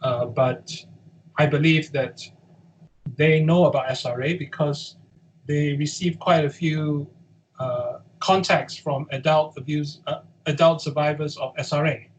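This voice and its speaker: A man from the UK, a guest on an interview, speaking in a measured way and hedging with qualifiers and fillers. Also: a little high, steady tone, a little hiss or hum, low-quality recording. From United Kingdom. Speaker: guest, head of a survivor support group.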